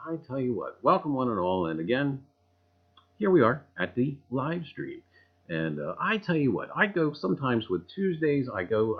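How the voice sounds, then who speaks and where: A man with a New Jersey accent hosting a casual livestream, folksy and full of catchphrases, greeting viewers by name. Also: mid-range voice. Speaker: livestream host. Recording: dull lo-fi sound.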